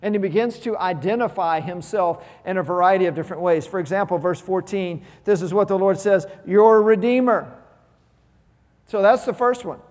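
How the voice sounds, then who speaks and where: A man's voice: high voice, a little fast, few pauses, a little mellow. A man pastor preaching a sermon, emphatic, repeating key words and asking rhetorical questions. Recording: long reverb of a large hall.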